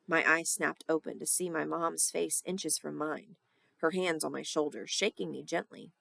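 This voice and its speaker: A woman teacher reading a children's novel aloud, giving the characters lively voices. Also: low-pitched, moderate pace, creaky, dry recording. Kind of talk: storybook read-aloud.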